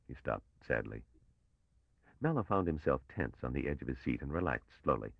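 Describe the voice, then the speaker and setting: A man reading a science fiction audiobook in measured, even scripted narration. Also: very deep voice, vocal fry, no echo, muffled recording.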